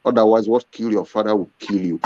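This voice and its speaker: A man's voice: lowish voice, quick pace, a little mellow, no echo. A man, a business owner, answering interview questions in an earnest storytelling way. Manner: earnest, storytelling with acted quotes. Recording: dull lo-fi sound.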